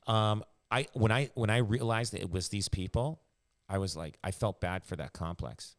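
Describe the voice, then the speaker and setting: A man's voice: lowish voice, normal speed. A man chatting casually as a podcast host, rambling with lots of fillers and restarts. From Canada. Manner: rambling, many fillers and restarts, laughs often. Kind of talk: casual chat.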